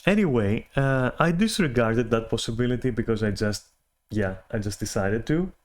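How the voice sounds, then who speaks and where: A man's voice: medium pitch, animated, normal speed. A man venting in a casual monologue, agitated and exasperated, swearing often and restarting his sentences. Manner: agitated, profane, exasperated rant with many restarts. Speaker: podcaster venting.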